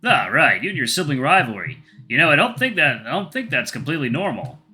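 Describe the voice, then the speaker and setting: A man's voice: fairly high pitch, sing-song, fast talker, sharp tone, soft background music, voice pushed up, heavily acted. A man voicing an easygoing, polite young man in a visual novel read-aloud. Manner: easygoing, friendly.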